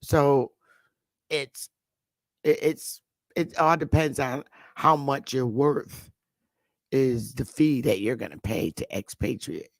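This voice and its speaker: A woman's voice: rumbling low, slow pace, creaky, pauses often, no room sound, clean studio sound. A woman hosting a casual morning talk show, rambling and blunt, with frequent swearing.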